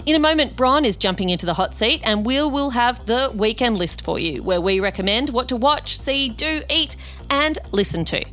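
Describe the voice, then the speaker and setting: A woman's voice: on the high side, lively intonation, moderate pace, fairly bright tone. A woman hosting a podcast, upbeat and playful, moving from a scripted intro into an interview. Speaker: podcast host.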